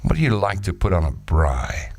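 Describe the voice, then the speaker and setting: A man's voice: sits low, sing-song, normal speed, darkish tone. A man with a South African accent hosting a casual live show. He reads viewer comments and rambles into jokey stories. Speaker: show host. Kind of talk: casual livestream chat reading viewer comments.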